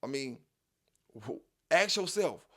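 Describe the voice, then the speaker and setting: A man with a fairly high voice lectures his viewers about dogs in loose street talk. He repeats himself for emphasis and keeps dropping "you know what I'm saying" between points. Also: expressive, takes it slowly, fairly bright tone. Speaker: dog news channel host. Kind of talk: casual monologue to viewers.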